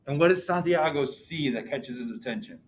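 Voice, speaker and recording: A man's voice: on the high side, expressive, fairly quick, slight background noise, rough recording. A male teacher in a classroom, casually retelling a story and asking his students questions as he goes. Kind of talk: classroom lesson retelling a novel.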